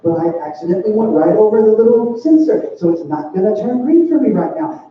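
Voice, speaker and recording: A man's voice: very high-pitched, mellow, a little hiss or hum. A young man giving a youth sermon as youth pastor, talking casually and acting out quoted voices. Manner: conversational, acts out quoted voices. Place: church hall. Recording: far, dull and roomy hall sound.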